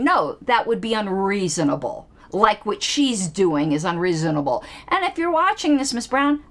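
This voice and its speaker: A woman's voice: moderate pace, hardly any pauses. A woman giving political commentary in a vlog, sarcastic and fond of mocking rhetorical questions. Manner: animated, with sudden pitch jumps.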